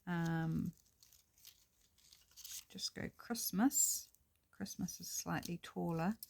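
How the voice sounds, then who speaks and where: This is a middle-aged woman with a New Zealand accent, talking to her viewers in a relaxed, chatty way while she crafts. Her voice sits fairly low for a woman. She muses aloud as she works, in an easy home-video manner. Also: very slow, gravelly. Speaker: crafting vlogger. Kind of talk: casual crafting narration.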